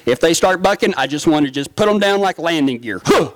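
A middle-aged man giving a humorous storytelling talk from a stage, folksy and quick to laugh. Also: on the high side, no echo. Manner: folksy, animated, laughs often. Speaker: stage speaker.

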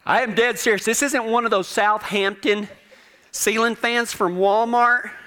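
A man telling a humorous personal anecdote in an animated, self-deprecating, folksy way. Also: very high-pitched. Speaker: storyteller.

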